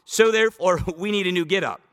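A man preaching a sermon as pastor, animated, slowing down to stress scripture quotes. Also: high voice, in a large hall.

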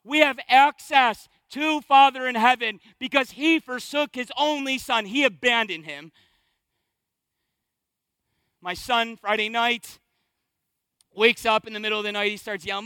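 High, bright-voiced pastor preaching emphatically. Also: male voice, moderate pace, clear, resonant tone, dry recording. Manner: emphatic, repeats phrases for stress. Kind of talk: sermon. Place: church.

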